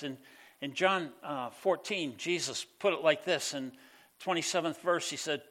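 A male pastor with a bright, fairly high voice delivering a church sermon. He talks loosely and conversationally, swinging from loud bursts to hushed, tender passages. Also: normal speed. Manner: conversational preaching with many fillers, rising loud then dropping soft.

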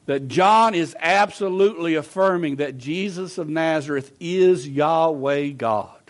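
High-voiced, slow-preaching pastor. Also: male voice. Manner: earnest preaching, swinging between low and raised emphasis; repeats himself in quick conversational asides. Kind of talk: sermon. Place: church sanctuary.

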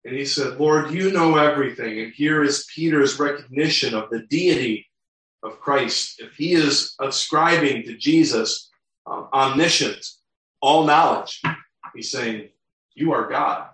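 A male pastor preaches a sermon, reading scripture aloud and working through it verse by verse. His voice is medium-pitched and fairly bright, and he takes his time. The mic sits far away in a very echoey room.

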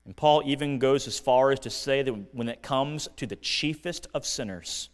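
A man preaching a sermon as pastor, earnest and deliberate, dropping to quiet lines and rising to emphatic ones. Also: medium pitch, smooth, big-room sound. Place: church sanctuary.

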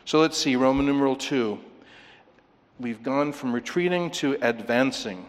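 A man's voice: medium pitch, normal speed. Emphatic male pastor in a reverberant hall. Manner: emphatic, asks the congregation questions. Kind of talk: expository sermon.

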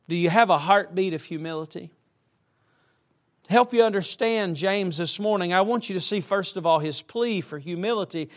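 A man's voice: high voice, moderate pace, fairly bright tone. A middle-aged man preaching a sermon in a church, emphatic and dropping humorous asides. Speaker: traveling preacher. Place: church sanctuary.

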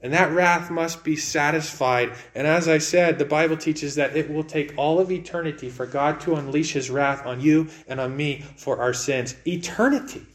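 A man preaching a sermon in an earnest way, repeating words and swinging between raised and hushed delivery. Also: fairly high pitch, steady tone, normal speed, few pauses.

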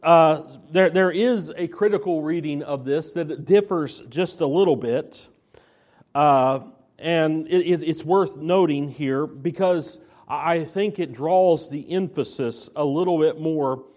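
A man's voice: a little high, unhurried, darkish tone. A man preaching a sermon as a pastor, earnest and emphatic, often restarting his phrases.

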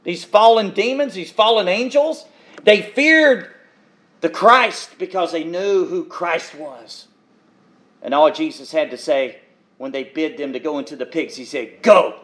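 Male preacher with a high voice, delivering an impassioned sermon with dramatic swings in volume. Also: measured pace. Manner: impassioned, emphatic, swings between loud and hushed.

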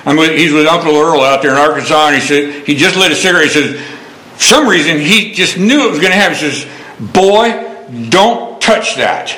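A man's voice: on the high side, quick pace, sharp tone, reverberant, low-quality recording. A man preaching a sermon, quoting scripture and telling homespun stories in a folksy manner. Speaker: pastor.

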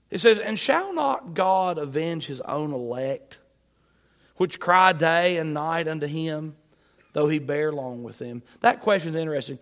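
A man preaching a sermon, asking his listeners questions and repeating refrains, moving from emphatic shouts to soft, quiet passages. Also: on the high side, lively intonation, measured pace, in a large hall.

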